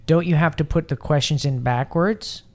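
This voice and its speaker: A man's voice: a little high, moderate pace, darkish tone. A man hosting a casual talk show, joking and teasing his panel. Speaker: host. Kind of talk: casual chat.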